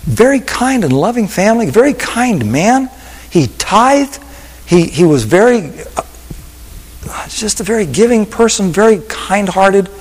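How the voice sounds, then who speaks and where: A male pastor preaching a sermon with an altar call, telling stories in a voice that drops to hushed whispers and rises to emphatic peaks. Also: sits high, sing-song, measured pace, big-room sound, poor audio.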